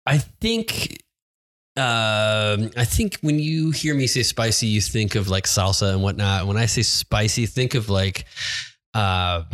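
A man co-hosting a podcast, chatting casually in a relaxed, joking and teasing way. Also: on the low side, takes it slowly. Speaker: podcast co-host. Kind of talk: casual chat.

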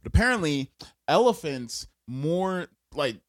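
A man hosting a podcast, talking in an animated, jokey way and swearing freely. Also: on the high side, unhurried. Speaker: podcast host. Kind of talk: casual chat.

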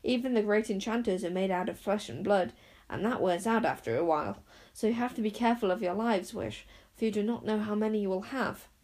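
A woman's voice: medium pitch, fairly quick, a little mellow, lightly acted. A woman voicing a fussy, grand old talking bird in a storybook, speaking in a theatrical, formal way. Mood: grave.

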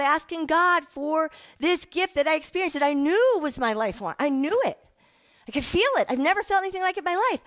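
A middle-aged woman telling her personal faith testimony in an emotional, animated way, acting out the people she quotes. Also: sits high. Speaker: speaker sharing a personal testimony.

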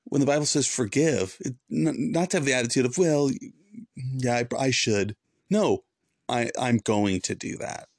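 A man's voice: medium pitch, animated, normal speed, creaky, darkish tone, breathy edge, no echo, studio quality. A man who is a former pastor, hosting a devotional podcast in an earnest, preachy way and repeating points for emphasis.

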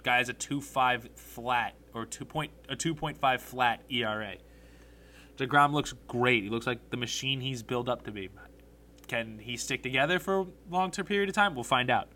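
A young man hosting a solo sports podcast, animated and blunt, swearing freely as he rants about his team. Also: medium pitch, slight background noise.

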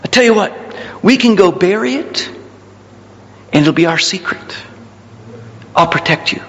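A preacher putting on a sly, low-voiced farmhand. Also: male voice, animated, measured pace, fairly bright tone, big-room sound, lo-fi sound, slight background noise. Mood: conspiratorial. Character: scheming adult male farmhand, sly and threatening.

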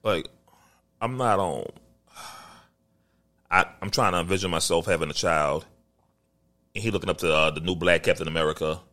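A young adult man co-hosting a podcast in casual chat, a profane, animated storyteller. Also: low-pitched, normal speed, pauses often. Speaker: podcast co-host.

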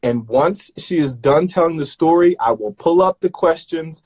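A man hosts a live stream storytelling show and explains its rules in a calm, measured way. His voice is a bit high and slightly husky. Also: rough recording. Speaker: host.

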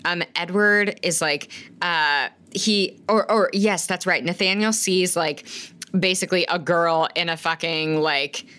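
A woman's voice: fairly low pitch, measured pace, sharp tone, smooth. A woman recapping a film in casual chat, rambling with lots of fillers and swearing freely. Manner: chatty, filler-heavy, swears often.

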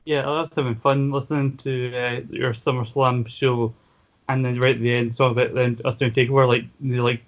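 Man on a podcast, pretty monotone, says "like" constantly, muffled lo-fi audio. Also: mid-range voice, a little fast. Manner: steady, leans heavily on "like". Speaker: podcast guest and fellow host. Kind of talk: casual podcast review chat.

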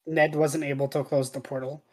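A speaker chatting casually about a film, relaxed, often stammering at the start of a phrase. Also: medium pitch, normal speed. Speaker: film discussion co-host. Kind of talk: casual chat.

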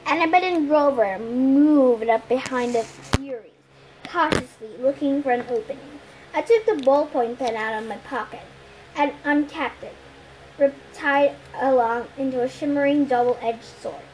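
A woman reading a novel aloud as an amateur audiobook reader, lively, putting on voices for the quotes. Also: high-pitched, a little slow, slight background noise, low-quality recording.

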